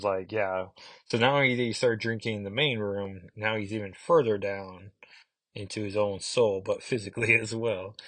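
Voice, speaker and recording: Guy rambling about comics, lots of ums and likes, lowish voice, dry sound. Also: a bit bright, dry recording. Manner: rambling, chatty, many fillers and asides. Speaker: comic book reviewer. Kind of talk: casual review podcast.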